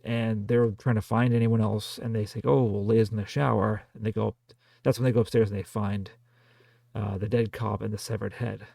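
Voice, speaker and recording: Male podcast co-host, deep gravelly voice, dry close mic, deliberate plot recaps. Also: flat delivery, dark tone, no room sound. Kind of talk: casual film review chat.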